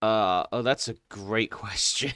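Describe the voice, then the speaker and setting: A man hosting a casual podcast, easygoing and quick to agree with his co-host. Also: lowish voice, a bit bright, no echo, studio quality. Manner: easygoing, brief agreeing replies. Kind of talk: casual chat.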